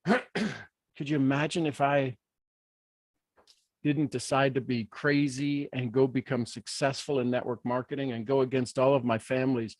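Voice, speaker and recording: A man from Ohio giving a motivational talk in an animated, folksy way with playful asides. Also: medium pitch, dry recording, clean studio sound. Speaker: motivational speaker.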